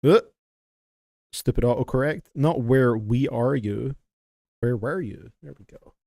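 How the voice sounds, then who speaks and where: A man's voice: medium pitch, measured pace, creaky, a little mellow, no room sound, studio quality. A man hosting a live stream, reacting to submitted songs in a casual, joking way and chatting with his viewers. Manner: playful and joking, laughs often, chats with viewers. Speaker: streamer reacting to music requests. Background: faint music playing.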